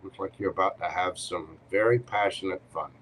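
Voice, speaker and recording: A man's voice: low voice, fairly quick, fairly bright tone, slight background noise. A man hosting a live tarot Q&A, giving readings in a playful, teasing way with short punchy commands.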